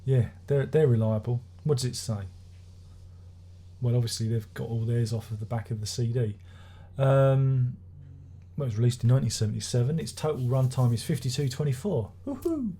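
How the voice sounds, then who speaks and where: A man talks through an album review in a loose, rambling way, full of sarcasm, swearing and false starts. His voice is mellow and a little husky, and he sounds like he is chatting off the cuff rather than reading from a script. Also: mid-range voice, fairly even intonation, fairly quick. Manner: sardonic, swearing, rambling with restarts. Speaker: music reviewer. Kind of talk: casual spoken album review.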